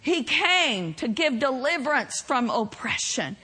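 A woman preaching a sermon, swinging between loud shouted lines and soft hushed ones. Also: high voice, big pitch swings, slow.

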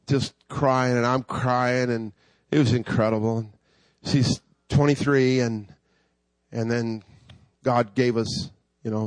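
A man in his forties preaching a sermon, telling a funny personal story with lively, high-pitched quoted voices. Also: no echo.

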